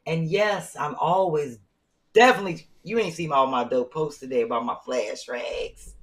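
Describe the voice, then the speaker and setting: A woman co-hosting a comedy podcast in casual chat, telling animated stories and acting out what people said. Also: deep voice, moderate pace, rough recording. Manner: animated storytelling, acts out quotes. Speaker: podcast co-host.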